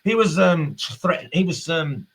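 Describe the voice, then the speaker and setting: A man's voice: fairly high pitch, lively intonation, a little slow, breathy edge. A man giving a heated, profane political rant, rambling and restarting as he goes. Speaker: political commentator. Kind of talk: angry spoken rant.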